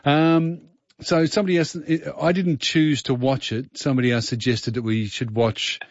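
Aussie radio host rambling on, dry and a bit dull sounding. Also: male voice, medium pitch, little pitch movement, moderate pace, dry recording. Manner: rambling, chatty, laughs easily. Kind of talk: casual radio chat.

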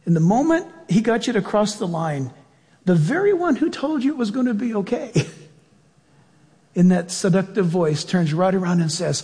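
Brief: earnest male pastor, high voice, slow deliberate preaching, long hall echo. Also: sing-song, dark tone. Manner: earnest, drawn-out preaching with prayer. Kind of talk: sermon.

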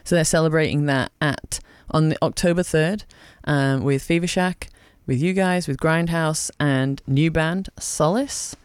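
A man's voice: on the high side, measured pace, hardly any pauses, smooth, no echo. A man hosting a late-night community radio show in a studio, chatty and enthusiastic, with plenty of ums.

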